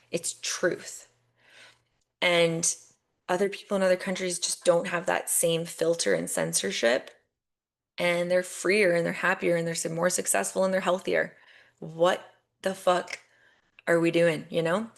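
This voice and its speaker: A woman's voice: fairly low pitch, gravelly. A young adult woman hosting a podcast, giving an emphatic motivational monologue that swears freely and repeats phrases for punch. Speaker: podcast host.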